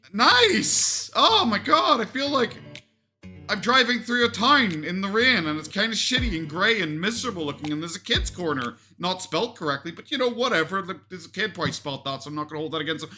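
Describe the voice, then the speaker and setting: Brief: man, sarcastic reaction commentator, high and animated, bright edge, swears a lot. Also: normal speed, faint music behind. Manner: mocking, sweary, laughing often. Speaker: commentary youtuber reacting to a vlog. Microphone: desk USB microphone.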